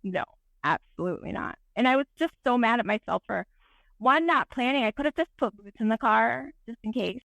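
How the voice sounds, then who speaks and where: A woman photographer, a podcast guest, telling an animated, self-deprecating story in casual interview talk. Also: a little high, brisk, creaky, dry recording.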